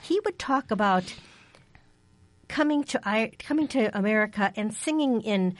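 A woman's voice: medium pitch, animated, moderate pace. A woman hosting a radio show, chatting casually and laughing easily between songs. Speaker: radio host.

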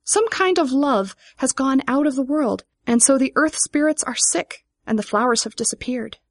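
A woman voicing a tiny, shabby talking dandelion in a storybook, soft, modest and wistful. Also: high-pitched, normal speed, no room sound, studio quality, pitched above the performer's own voice. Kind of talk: storybook reading.

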